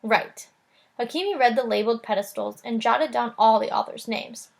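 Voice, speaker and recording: A woman teacher reading a children's chapter book aloud in a calm, clear way. Her voice sits slightly high, with a noticeable creaky fry. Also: fairly quick.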